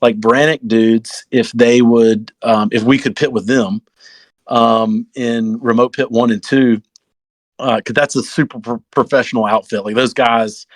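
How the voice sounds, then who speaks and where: A man's voice: medium pitch, dry recording, low-quality recording. Young man, podcast guest, rambling story, mid voice, dry close mic. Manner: rambling, heavy fillers, acts out others' lines. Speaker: podcast guest, off-road racer. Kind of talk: casual storytelling chat.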